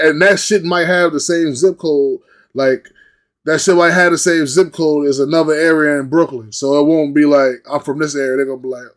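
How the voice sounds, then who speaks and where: Fairly high-pitched and fairly quick, this New Yorker hosts a reaction video, rambling casually. He repeats himself, leans on slang, and livens up whenever he mimics other people.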